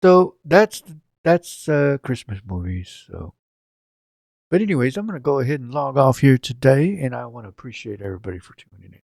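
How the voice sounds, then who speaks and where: A man's voice: mid-range voice, big pitch swings, moderate pace, vocal fry, darkish tone, no room sound, clean studio sound. A man hosting a casual live stream from his home setup, rambling and joking as he talks to viewers in chat by name. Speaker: livestream host.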